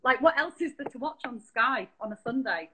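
A woman's voice: fairly high pitch, expressive, a little fast, noisy background. A woman chatting as a guest on a video call, talkative and teasing. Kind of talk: casual video-call chat.

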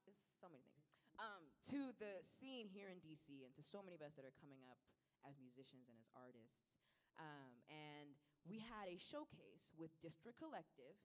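A woman's voice: lowish voice, fairly bright tone, a little hiss or hum. A young singer-songwriter in her twenties, chatting casually and a little nervously between songs, with frequent laughs. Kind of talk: casual stage banter. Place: live concert stage in a large hall. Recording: reverberant concert hall.

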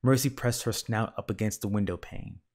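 Man reading a children's book. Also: lowish voice. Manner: calm, measured narration. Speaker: storyteller. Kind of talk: children's book read-aloud.

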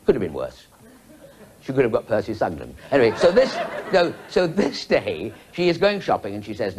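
A man's voice: medium pitch, wildly swooping pitch, moderate pace, background noise. A man telling a rambling joke at a TV birthday show, interrupting himself with asides. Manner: rambling, self-interrupting storyteller.

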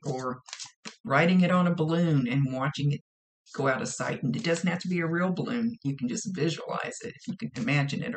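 A woman's voice: deep voice, vocal fry, slight background noise. A woman working as a psychic medium who gives a casual reading, relaying messages and direct advice and often repeating her phrases.

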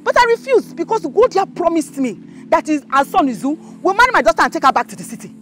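An indignant Nigerian mother, pleading with a high, lively voice that swoops as she protests. Music plays softly behind her. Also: fast, heavily acted. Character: anxious, indignant parent of the bride. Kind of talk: film drama acting.

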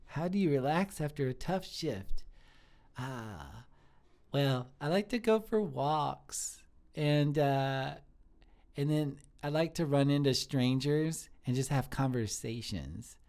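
A man's voice: medium pitch, takes it slowly. A man playing a sweet, shy male restaurant cook in his thirties, who talks in an earnest, rambling way in improvised live-stream comedy. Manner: earnest, easily flattered, rambling.

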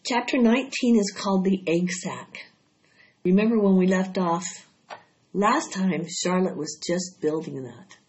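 A woman's voice: lowish voice, darkish tone. Woman reading a children's book aloud. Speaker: storyteller. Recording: dull lo-fi recording.

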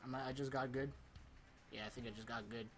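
A young man commenting on his own gameplay in a goofy way, often jumping into high silly voices, on a desktop mic with a pop filter. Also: steady tone, fast talker, a bit bright, soft background music. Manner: goofy, jumps into squeaky high put-on voices. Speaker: gamer. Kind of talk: let's-play commentary. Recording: game sound and hiss behind.

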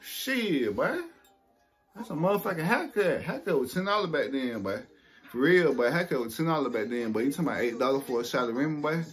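A young man telling a casual story to camera, animated and profane, acting out what people said. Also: fairly high pitch, a little fast, soft background music. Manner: animated, profane, acts out quotes.

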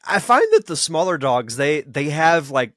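A man hosting a podcast, interviewing his guest in a relaxed, casual way. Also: fairly high pitch, moderate pace, no room sound, studio quality. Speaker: podcast host.

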